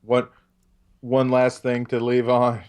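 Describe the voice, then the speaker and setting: A man's voice: mid-range voice, completely flat delivery, takes it slowly, darkish tone, clear, resonant tone. A man co-hosting a casual film-review podcast, laid-back with brief replies and frequent laughter. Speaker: podcast co-host.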